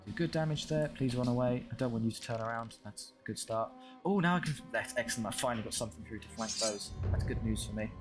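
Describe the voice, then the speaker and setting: A man's voice: medium pitch, steady tone, fast, hardly any pauses. A young man commentating his own strategy game, talking to his units with wry frustration over a desk microphone. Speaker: gaming channel host. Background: game music.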